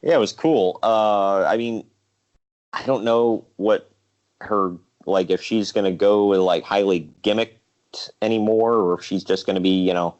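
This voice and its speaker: A man's voice: fairly low pitch, moderate pace, darkish tone, muffled recording. A man co-hosting a casual wrestling podcast, ranting and joking and quoting people in mocking voices. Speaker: podcast co-host.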